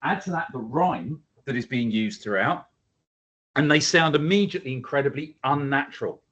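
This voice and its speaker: A man's voice: medium pitch, moderate pace. Emphatic male teacher in an echoey hall. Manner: emphatic, varies loudness, many fillers. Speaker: English teacher. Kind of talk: lecture to students. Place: school hall. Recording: echoey hall, dull lo-fi sound.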